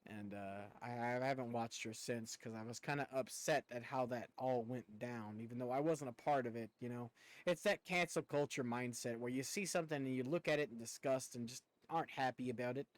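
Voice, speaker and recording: A man's voice: medium pitch, fairly quick, no echo. A man from the United States chatting casually on a live stream, rambling and cursing offhandedly.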